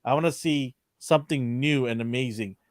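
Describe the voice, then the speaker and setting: A man's voice: mid-range voice, normal speed, no room sound, studio quality. A man co-hosting a pop culture podcast, talking in an opinionated, ranting way in casual chat. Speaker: podcast co-host.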